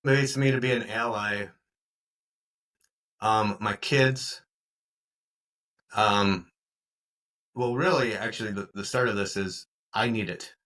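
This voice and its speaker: A low-voiced man co-hosting a podcast in easy, casual chat. He speaks openly and reflectively, and he is candid about his emotions. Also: fairly even intonation, slow pace, pauses often, a bit bright. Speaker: podcast co-host.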